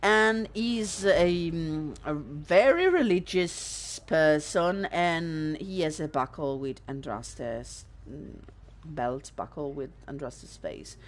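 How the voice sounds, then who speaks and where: A woman's voice: low voice, animated, takes it slowly. Chatty woman with sarcastic asides. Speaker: let's play host. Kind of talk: casual gameplay commentary.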